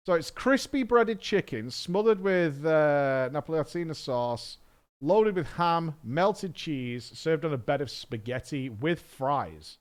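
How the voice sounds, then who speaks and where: Streamer, male, thirties; lively, animated, chatty and blunt, prone to swearing. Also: on the high side. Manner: rambling, swears casually, reads a menu aloud with asides. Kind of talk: casual chat while gaming.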